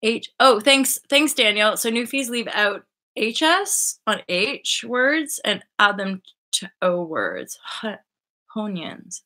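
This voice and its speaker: A woman's voice: fairly high pitch, bright, forceful tone. A Canadian woman in her thirties hosting a spiritual web show, talking in a loose, rambling livestream chat and often restarting her sentences.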